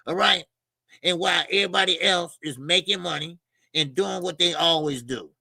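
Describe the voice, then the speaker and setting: A man's voice: high-pitched, moderate pace, creaky, pushed and bright, dry recording, low-quality recording. A male boxing show host, ranting heatedly and profanely on a livestream.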